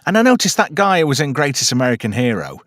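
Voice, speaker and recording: A man's voice: medium pitch, very animated, fast talker, a bit bright, no echo, studio quality. A man hosting a casual film chat, crude jokes and many fillers. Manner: chatty, crude joking, lots of fillers. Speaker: podcast host.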